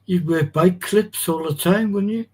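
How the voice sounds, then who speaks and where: A man's voice: high-pitched, normal speed, a little mellow, slightly rough. A man with a Liverpool accent hosting a casual chat, giving dry, brief reactions. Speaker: host.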